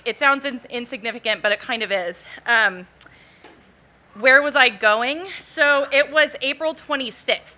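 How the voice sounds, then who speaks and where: Woman in her thirties, live storytelling, nervous, chatty, lots of fillers, bright, fairly high voice. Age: 30s. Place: bar stage at a live event.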